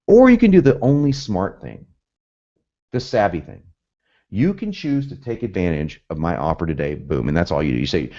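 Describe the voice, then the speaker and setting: A man's voice: low-pitched, very animated, normal speed, dark tone. A man teaching in a casual, chatty way, often laughing and acting out the lines he quotes. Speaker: copywriting teacher. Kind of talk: casual instructional talk. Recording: dull lo-fi audio.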